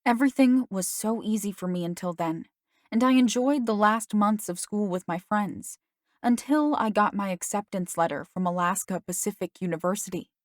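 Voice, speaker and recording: Woman audiobook narrator, first-person story, steady telling, middle pitch, dry close mic. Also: normal speed, no echo.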